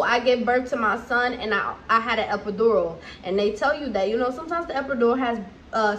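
A pregnant young woman, chatting candidly to camera at home in a vlog with animated asides. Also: mid-range voice, a little hiss or hum. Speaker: vlogger. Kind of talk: casual chat to camera.

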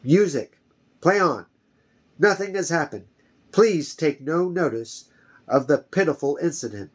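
A man voicing a haughty, portly male court chamberlain in a story reading, with a high, fussy, indignant manner. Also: normal speed, natural voice. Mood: flustered.

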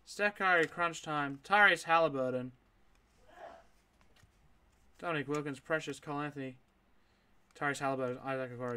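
A man with a bright, forceful voice running a live card break. He reads out names one after another and answers viewers' chat as he goes, in a slightly high register. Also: moderate pace, pauses often, clean tone. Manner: rattles off names, reacts aloud, chats with viewers. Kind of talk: live card-opening stream.

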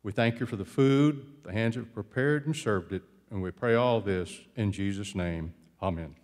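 A man's voice: on the low side, normal speed, a little mellow. A man, a college president, leading an earnest invocation prayer. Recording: long hall reverb.

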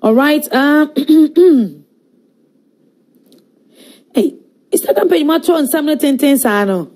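A middle-aged woman, hosting a live talk show, reading viewer comments aloud in a lively way and laughing often. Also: high-pitched, slow pace. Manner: animated, switching between Twi and English, laughing often.

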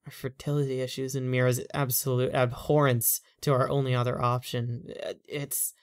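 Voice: mid-range voice, little pitch movement, normal speed, dry recording, studio quality, natural voice. A storyteller voicing a stressed married man in his thirties who rambles and vents in a weary way, in a horror story reading.

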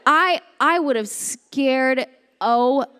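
High, lively woman preaching a sermon. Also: drawn-out words, clean tone, long reverb tail. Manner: lively, chatty, acts out voices in her story. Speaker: speaker at a women's church series. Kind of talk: animated storytelling sermon.

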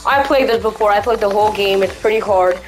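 A young woman playing a video game and commenting, often yelling and cheering at what happens on screen. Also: mid-range voice, fast, rough recording. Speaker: gamer. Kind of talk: let's play commentary. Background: game music.

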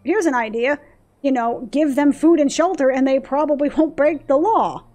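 A woman's voice: sits high, normal speed, mellow. A woman giving casual gameplay commentary, sarcastic and swearing as she riffs on the game's dialogue. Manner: sarcastic, swears, mock-reads game dialogue. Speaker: let's play gamer. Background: faint game music.

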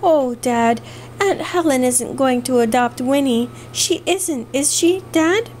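A woman's voice: sits high, slow, darkish tone, slight background noise. A woman voicing an anxious, tearful little girl who pleads breathlessly. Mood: pleading.

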